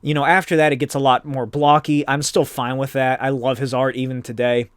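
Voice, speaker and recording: A man hosting a podcast, recapping a comic in a loose, profane, animated way. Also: mid-range voice, brisk, clean tone, no echo. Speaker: podcast host. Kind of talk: casual comic book recap.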